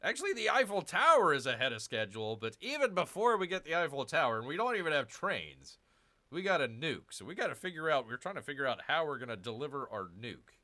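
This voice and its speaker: A man's voice: fairly high pitch, sing-song, fast talker, pushed and bright. A man hosting his own gaming channel, chatting casually as he plays a strategy game, rambling and correcting himself with jokey asides to viewers.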